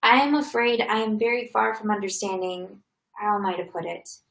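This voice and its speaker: A woman's voice: medium pitch, moderate pace, creaky, a bit bright. A woman reading the lines of an uneasy, polite young man, in a hesitant manner. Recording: roomy echo.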